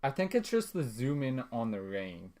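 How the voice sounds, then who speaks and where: A man co-hosting a casual podcast, retelling a story in an easygoing, unhurried way. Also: medium pitch. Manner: retells the story at a slow, relaxed pace. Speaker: podcast co-host.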